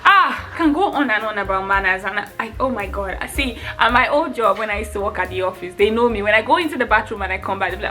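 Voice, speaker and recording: A young woman vlogger ranting casually about bad manners, animated and exasperated, breaking into laughter often. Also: medium pitch, moderate pace, soft background music.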